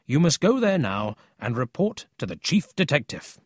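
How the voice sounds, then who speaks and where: A man's voice: a little high, sing-song, normal speed, breathy edge, dry recording, clean studio sound, pitched above the performer's own voice. A man voicing a strict police chief who speaks in curt, commanding bursts. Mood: stern.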